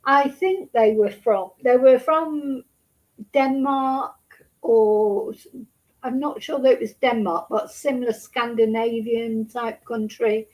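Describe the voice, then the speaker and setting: Tearful woman with a fairly high voice. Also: fairly even intonation, lo-fi sound. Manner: halting, full of restarts and asides. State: close to tears. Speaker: Spanish teacher and channel host. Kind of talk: rambling personal storytelling to camera.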